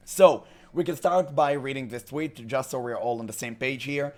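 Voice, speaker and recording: A hoarse male gaming commentator whose voice keeps cracking after an illness. He sits at an ordinary middle pitch and rants in an emphatic, exasperated way. Faint music plays underneath. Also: normal speed. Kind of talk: ranting commentary.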